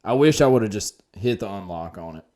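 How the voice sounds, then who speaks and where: A man with a lowish voice tells a wild story on a podcast at a fairly quick pace, casual, animated, and profane, veering from loud to quiet.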